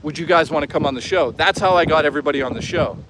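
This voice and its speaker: A man's voice: fairly high pitch, rapid-fire, noisy background. A man live-streaming outdoors, chatting casually, swearing freely and reading out chat. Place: outdoors on an urban trail.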